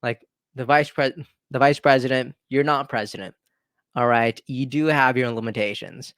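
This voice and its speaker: A man's voice: medium pitch, steady tone, moderate pace, a bit bright, smooth, no echo, studio quality. A man hosting his own commentary video, talking casually with emphatic asides and frequent restarts. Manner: conversational, repetitive restarts, emphatic rhetorical asides. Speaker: political commentary host.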